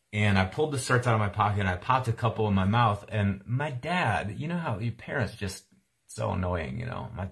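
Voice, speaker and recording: A man's voice: fairly low pitch, slightly rough. A man around forty preaching a sermon, telling a childhood story in a conversational way and acting out the voices of his parents. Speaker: pastor.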